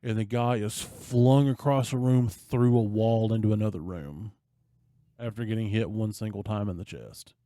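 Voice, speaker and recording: A man with a low, mellow voice retells a movie plot on a podcast in casual chat. He is animated, slipping into the characters' lines as he goes. The sound is dry and close to the mic. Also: normal speed, no room sound. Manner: animated storyteller, acting out quoted lines. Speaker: podcast co-host.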